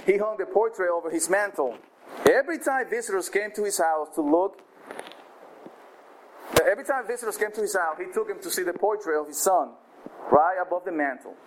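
A man's voice: sits high, fairly quick, crowd noise, rough recording. A man preaching, telling a story and then leading a prayer, often restarting his words. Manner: storytelling, rising to raised voice for auctioneer calls. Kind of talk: sermon illustration and prayer.

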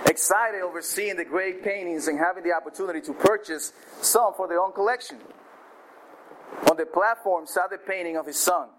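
A man with a slightly high voice preaches over background noise, telling a story as a sermon illustration and then leading a prayer. He often restarts his words, and his storytelling rises to a raised voice for auctioneer calls.

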